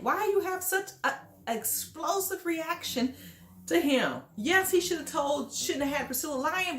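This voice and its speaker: Sassy high-voiced woman ranting in an echoey room. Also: fairly bright tone. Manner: sassy, scolding, talks straight at the people she judges. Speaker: reality TV commentator. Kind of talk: casual commentary monologue.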